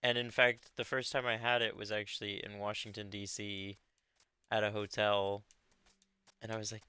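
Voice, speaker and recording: Bright, giggly male streamer. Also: lowish voice, little pitch movement, moderate pace, smooth, no echo. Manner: giggly, laughs often between lines. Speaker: gaming streamer. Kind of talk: casual chat while gaming.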